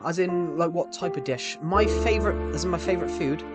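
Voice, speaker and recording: A man's voice: a little high, fairly quick. Chatty British man streaming, music behind. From United Kingdom. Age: 20s. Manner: rambling, chatty, answers viewer comments aloud. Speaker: game streamer. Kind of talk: live-stream chat while gaming. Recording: background music under the voice.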